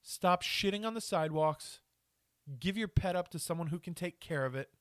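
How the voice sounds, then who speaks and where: A man with a voice that sits high hosts a solo podcast, speaking at a normal speed in a clean, echo-free studio recording. He rants crudely, swearing a lot and laughing at himself in a self-mocking way.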